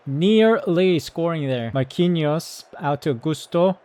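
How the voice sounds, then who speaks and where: A man giving excited live commentary on his football management game, yelling at his players, then calmly talking through tactics. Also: mid-range voice, measured pace, no room sound. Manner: excitable, shouts at the team, then calm tactical talk. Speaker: gaming YouTuber.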